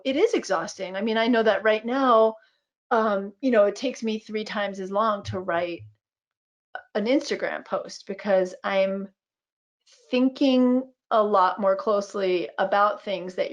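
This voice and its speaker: A woman in her fifties, a physician and midwife, speaking on a webinar video call in a reflective, storytelling way with frequent fillers. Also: mid-range voice. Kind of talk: webinar conversation.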